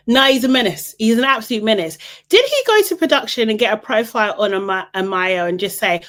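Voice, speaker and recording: An animated woman giving a casual reality TV recap in an opinionated, exasperated way. Her voice sits at an ordinary middle pitch but shoots up high whenever she finds something unbelievable. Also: brisk, few pauses. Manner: voice jumps high when incredulous.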